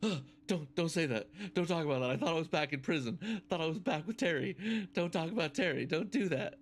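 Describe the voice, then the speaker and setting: A man's voice: a little high, a little fast, voice pushed up, natural voice. A man voicing a flustered old man, a former prisoner, pleading nervously.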